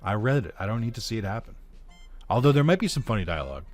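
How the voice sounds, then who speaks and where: A man's voice: fairly low pitch, sing-song, fast, faint music behind. Sarcastic young man doing game commentary. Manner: sarcastic, profane, offhand asides. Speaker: gaming video host. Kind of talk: casual let's-play commentary.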